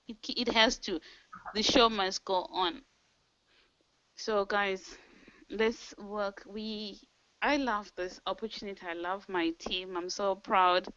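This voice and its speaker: A woman's voice: mid-range voice, bright, forceful tone, clean tone, no room sound, highs cut off. A woman leading a team video call, giving an earnest, preachy motivational talk that cites scripture. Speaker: team leader hosting an online call.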